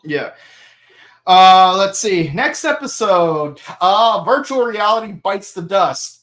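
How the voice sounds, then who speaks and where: A man's voice: sits high, lively intonation, slow pace, fairly bright tone. A man hosting a podcast in casual chat, rambling, laughing often and slipping into silly voices. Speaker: podcast host.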